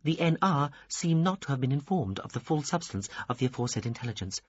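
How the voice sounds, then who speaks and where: A fussy, pompous little alien officer, voiced by a man in a raised, stiff register. He speaks in formal bureaucratic phrases. The take is dry and husky with a dull, lo-fi sound. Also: lively intonation, quick pace, dry recording, close to an everyday voice. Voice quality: high, stiff bureaucratic delivery. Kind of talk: audiobook character reading.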